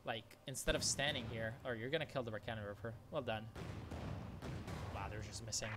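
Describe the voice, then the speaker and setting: A man giving live commentary on a strategy game match, excitable and swearing freely, often breaking into laughter. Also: medium pitch, normal speed, slight background noise. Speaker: game caster.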